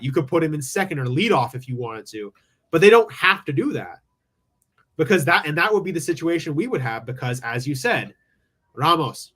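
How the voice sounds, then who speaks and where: A man's voice: a little high, fairly bright tone. A man hosting a live call-in sports show, rambling through his takes with lots of "like" and restarts. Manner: rambling, thinks aloud with many "like"s. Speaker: sports talk show host. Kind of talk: casual live sports talk. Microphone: streaming from home with screen share.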